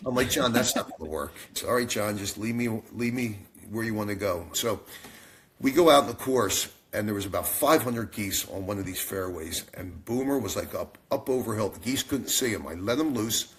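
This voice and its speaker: A man's voice: lowish voice, fairly quick, slight background noise. A man who founded a company, telling a long story as a podcast guest and acting out the people he quotes. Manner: animated storyteller, acts out quoted dialogue.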